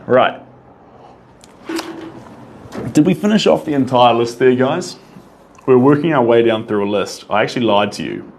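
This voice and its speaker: A man with a New Zealand accent, an artist answering viewer questions in a casual live Q&A, reading questions out and replying off the cuff. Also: medium pitch.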